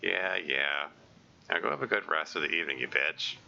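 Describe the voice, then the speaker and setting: A man voicing a stubborn, prickly teenage girl, speaking gruffly and defensively as he reads a visual novel aloud. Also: low-pitched, lively intonation, normal speed, sharp tone, lo-fi sound, a little hiss or hum, pitched below the performer's own voice, heavily acted.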